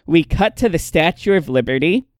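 A woman's voice: low-pitched, lively intonation, normal speed, darkish tone, a little hiss or hum. A woman hosting a podcast, recapping an episode in casual chat and laughing often. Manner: narrates plot, laughs often.

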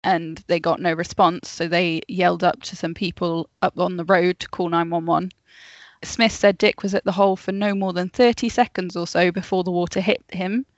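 A woman's voice: lowish voice, steady tone, normal speed, no room sound, dull audio. A woman co-hosting a casual podcast, telling a story from her notes with chatty asides and frequent laughs. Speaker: podcast co-host.

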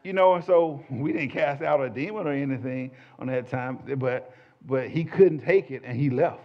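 A man recounts a church testimony to a small group, speaking in a folksy, animated storytelling way at a middling pitch. The recording is muffled and lo-fi. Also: normal speed. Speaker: church minister giving a testimony. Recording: dull lo-fi audio.

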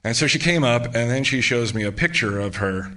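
A man's voice: medium pitch, lively intonation, brisk, bright, forceful tone. A man telling blunt, profane stories in casual chat.

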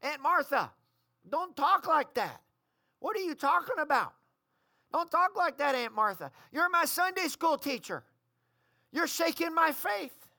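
A woman's voice: high voice, sing-song, a little slow, creaky, sharp tone, voice pushed up, full character voice. A preacher voicing a shocked niece who begs her aunt to stop, in a sermon story. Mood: alarmed. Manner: shocked, pleading. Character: alarmed young niece, upset.

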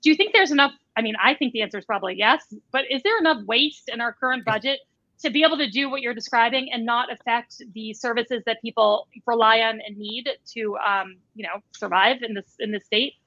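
A woman's voice: a little high, brisk, pushed and bright, dry recording, dull audio. A woman co-hosting a podcast interview, chatty and thinking aloud with restarts. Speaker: podcast co-host. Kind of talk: conversational interview.

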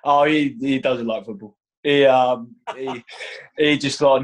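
Young goalkeeper with a London-tinged accent. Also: male voice, mid-range voice, steady tone, slow. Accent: London-tinged English. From Iceland. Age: young adult. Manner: chatty, laughing, acts out quotes. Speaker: football goalkeeper, interviewee. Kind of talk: casual interview chat.

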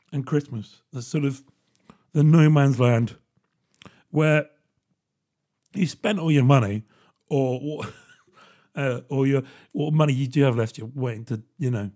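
A young man hosts a casual solo podcast in an easygoing, rambling way. He laughs often as he talks, and his voice sits at an average pitch. He is chatty and relaxed in his delivery. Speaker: podcast host.

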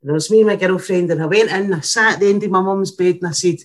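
A Scottish woman telling a comic story in a casual, sweary, blunt and animated way. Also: lowish voice, quick pace, few pauses, a little hiss or hum.

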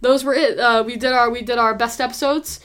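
Young woman, podcast host, fairly high voice, rambling and slangy. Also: fairly even intonation, fairly quick, a bit bright, clean tone. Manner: rambling, laughs often, slangy. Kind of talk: casual chat.

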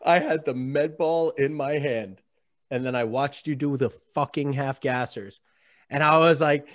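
A man's voice: mid-range voice, unhurried. A man, a strength coach, telling profane stories in casual chat with plenty of laughter. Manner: animated, profane, lots of laughter, big shouts in reenactments.

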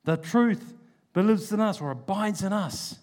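Emphatic high-voiced male preacher. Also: expressive. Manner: emphatic, slows down to stress key words, drops low and quiet for asides. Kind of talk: sermon.

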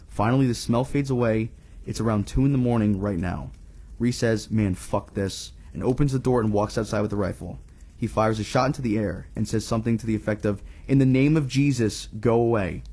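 A man's voice: fairly low pitch, dark tone, slightly rough. A man co-hosting a podcast, reading a scary story aloud in a casual, laid-back way full of swearing.

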